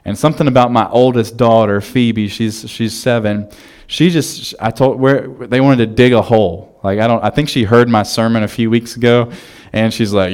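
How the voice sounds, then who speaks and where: With a smooth, mid-range voice at a moderate pace, a man in his thirties preaches as pastor. He tells stories conversationally and easily, often starting his phrases over.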